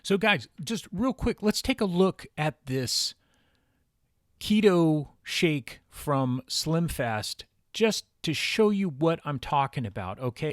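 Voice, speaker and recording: A man's voice: a little high, lively intonation, slow pace, dry recording, clean studio sound. A man talking in a casual instructional vlog about diet, emphatic, exasperated and blunt. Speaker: keto diet vlogger.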